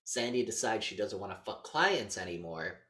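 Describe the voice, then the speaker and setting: A man co-hosting a casual movie review podcast, talking in an animated, profane way and acting out scenes in quick voices. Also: fairly low pitch, roomy sound. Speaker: podcast co-host.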